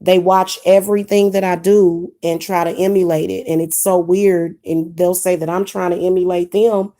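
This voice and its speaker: A woman's voice: lowish voice, flat delivery, moderate pace, dark tone. A young woman with a Kansas City, Missouri accent, talking candidly in a casual vlog. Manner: candid, repetitive, chatty. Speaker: witch vlogger.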